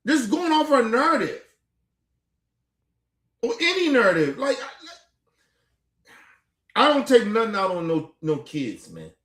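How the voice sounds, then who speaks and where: A man rants through exasperated, profane reaction commentary on his stream. His voice sits somewhat high for a man. The room around him rings with echo. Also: huge pitch swings, unhurried, pauses often, a bit bright. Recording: echoey room.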